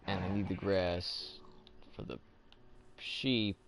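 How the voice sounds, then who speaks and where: A man's voice: low voice, fairly even intonation, slow pace. A young man hosting a casual gameplay commentary, rambling and asking himself questions as he plays. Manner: rambling, thinks aloud, self-questioning. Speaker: let's play host.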